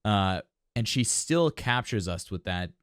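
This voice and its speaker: A male vocal coach talks through a singer's technique with a low, smooth, resonant voice. He explains registers step by step, thinking aloud as he goes. The sound is close and dry, with no room behind it. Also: expressive, a little slow, fairly bright tone, no echo. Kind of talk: music reaction commentary.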